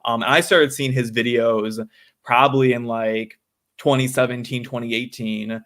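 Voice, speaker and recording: A man's voice: medium pitch, fairly even intonation, normal speed, a bit bright. A nineteen-year-old man, a guest in a casual interview, talking with many ums and likes. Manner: filler-heavy, says "um" and "like" a lot. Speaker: guest, student activist.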